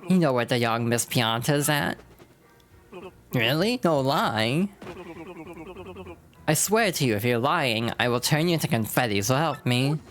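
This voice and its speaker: Woman doing a tough-guy game goon: talk out of the side of the mouth, slangy and menacing, a gruff male mobster. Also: very deep voice, expressive, unhurried, pauses often, soft background music.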